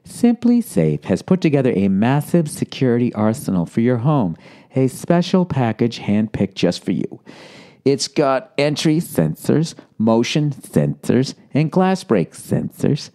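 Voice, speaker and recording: A man's voice: medium pitch, sing-song, unhurried, mellow. A man, hosting a podcast and reading ads sarcastically, riffing off the copy with swearing. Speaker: podcast host. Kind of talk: casual podcast ad read.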